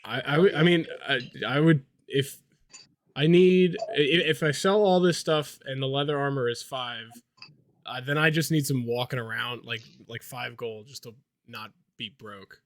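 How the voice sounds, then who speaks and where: A man's voice: medium pitch, normal speed, slight background noise. A man playing a tabletop game over a voice call, stammering and thinking aloud. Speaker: player. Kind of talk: casual chat at a tabletop game.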